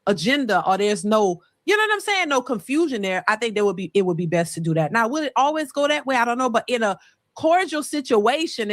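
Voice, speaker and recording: A woman giving her opinion in a calm, measured way. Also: fairly high pitch, no echo. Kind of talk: casual commentary.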